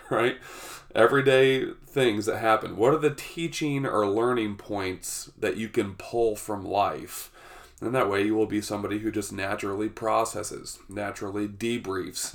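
Socal guy in his 30s doing his podcast solo, stuffed up from a cold, low gravelly voice, keeps saying right? and laughing. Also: fairly bright tone. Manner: chatty, laughs often, lots of "right?". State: congested, recovering from a cold. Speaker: podcast host. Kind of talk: casual solo podcast talk.

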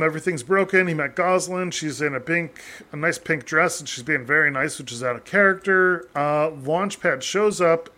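A man's voice: fairly high pitch, pushed and bright. A man hosting a casual podcast with friends, laughing often, swearing and joking at his own expense. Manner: laughing, swearing, self-mocking. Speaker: podcast host.

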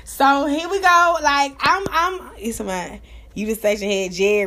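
A woman hosting her own live talk show, chatting casually in an animated, profane, gossipy way. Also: medium pitch, fairly quick. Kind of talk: casual chat.

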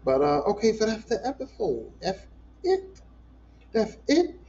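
A man with a high voice hosts a casual solo podcast, telling stories in an animated, profane and emotional way. The recording sounds dull and lo-fi, with a faint hiss behind him. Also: unhurried. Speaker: podcast host.

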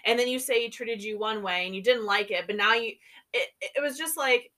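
Opinionated woman with a bright, high voice. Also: brisk. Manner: opinionated and exasperated, scolding the characters. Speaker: book discussion co-host. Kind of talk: casual book chat.

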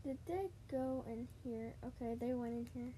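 A woman chatting casually while she plays a video game, excitable and talking straight to her listeners. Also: fairly high pitch, normal speed, slight background noise. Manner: chatty and excitable, keeps addressing "guys". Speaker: gaming podcaster. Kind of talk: casual gaming commentary.

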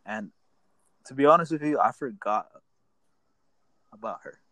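A man's voice: medium pitch, animated, unhurried, bright, forceful tone, dry recording, rough recording. A young man telling a rambling, profane story to his friends in casual chat. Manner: rambling, profane, restarts often.

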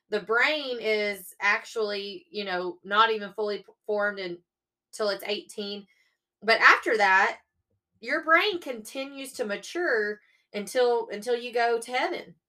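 Upbeat and encouraging, a young woman leads a motivational podcast grounded in faith, often pausing to check on her audience. Her voice runs on the high side, bright and forceful.

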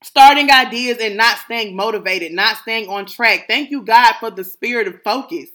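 A woman's voice: a little high, moderate pace, a bit bright. A woman, talking through a personal reflective monologue, emphatic and repeating phrases of gratitude like a prayer.

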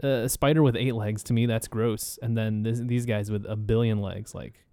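A man's voice: on the low side, steady tone, mellow, no echo. Easygoing man chatting on a podcast. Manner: easygoing, quick backchannels. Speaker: podcast co-host. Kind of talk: casual chat.

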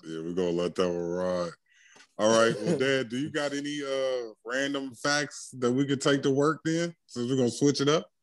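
A man's voice: medium pitch, moderate pace, no room sound. A man hosting a casual family podcast, laid-back and steering the talk along with easy fillers. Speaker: podcast host.

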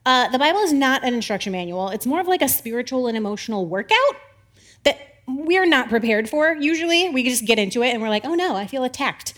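A woman giving a casual, animated sermon, acting out the biblical figures. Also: high-pitched, fast. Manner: chatty, animated, acts out voices of biblical figures with laughs. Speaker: preacher.

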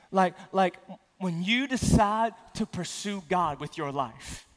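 High-voiced male pastor in a reverberant church. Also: animated, unhurried. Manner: casual storytelling with self-deprecating humor. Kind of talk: conversational sermon. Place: church sanctuary. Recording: long hall reverb.

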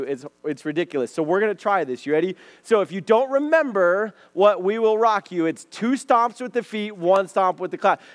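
A man giving a casual sermon to a group, chatty and lively, often checking in with "right?" and "okay?". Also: high-pitched. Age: adult, has a son. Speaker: youth pastor.

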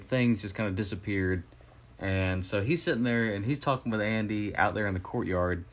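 A man in an easygoing conversation, recounting a film's story with lively energy. He breaks into quick voiced quotes of the characters as he goes. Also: on the low side. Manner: animated plot retelling with voiced quotes. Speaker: co-host reviewing a movie. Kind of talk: casual chat.

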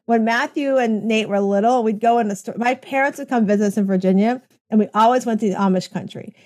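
A podcast host from the United States speaks fast in a high-ish voice with a darkish tone. During the conversational interview she rambles excitedly at length, repeatedly backing up to restart.

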